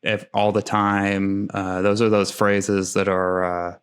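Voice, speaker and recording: A man's voice: on the low side, flat delivery, slow, clean tone. A man hosting a podcast, thinking aloud in a hesitant way with many fillers. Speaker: podcast host. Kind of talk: conversational podcast interview.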